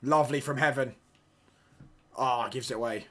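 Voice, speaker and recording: A young man hosting a live football watchalong, reacting to the play and chatting with viewers in slangy, excitable talk. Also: on the low side, brisk. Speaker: watchalong host.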